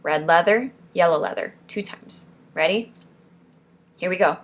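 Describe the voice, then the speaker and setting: A young woman runs a casual speech-exercise lesson for a support group. Her voice sits a little low and she takes her time, repeating syllables aloud and chuckling between rounds. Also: a little slow.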